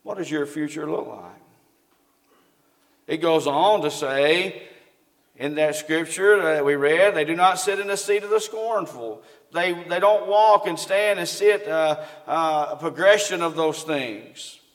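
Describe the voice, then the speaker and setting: A preacher with a drawl and a fairly high voice delivers a homespun sermon. He keeps turning to the congregation with questions. His voice carries a long reverb through a church hall. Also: unhurried. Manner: folksy, asks the congregation questions.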